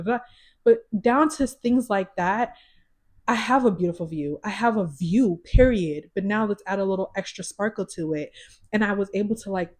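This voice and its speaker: A young woman hosting her own podcast, talking candidly and expressively, swearing freely. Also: lowish voice. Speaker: podcast host. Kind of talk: casual solo podcast talk.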